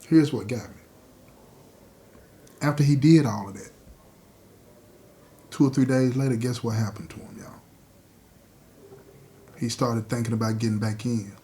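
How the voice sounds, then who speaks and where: A man hosting a podcast, retelling a story in an animated, conversational way and speaking directly to his listeners. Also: medium pitch. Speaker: podcast host.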